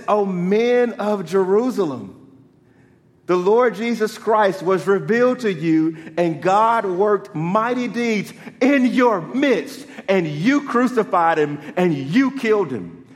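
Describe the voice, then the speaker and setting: Fairly high-voiced male preacher in a hall. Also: lively intonation, slow. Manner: builds to urgent rhetorical questions. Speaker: pastor. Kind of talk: sermon.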